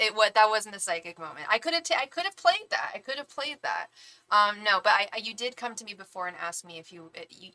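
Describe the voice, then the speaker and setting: A woman doing a live tarot reading in a bright, clear voice. She chats casually with viewers in animated bursts and restarts often. At other times she softly repeats a chanted invocation. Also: medium pitch, rough recording. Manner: chatty and animated, with frequent restarts. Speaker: tarot reader and psychic medium. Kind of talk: casual chat on a live stream.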